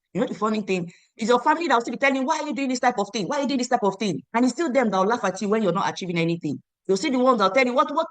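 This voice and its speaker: A woman in her thirties from Nigeria, hosting an online meeting and giving an emphatic, repetitive sales pitch that urges listeners to act now. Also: a bit bright, dry recording. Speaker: online meeting host selling a program. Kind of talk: motivational sales pitch on a video call. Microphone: video call.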